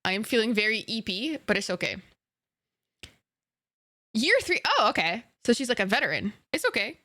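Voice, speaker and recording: A woman's voice: on the high side, expressive, moderate pace, pushed and bright, no room sound. Giggly, playful young woman streamer. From Egypt. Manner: playful, giggly, swears freely, slangy. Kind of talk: casual gaming stream chat with viewers.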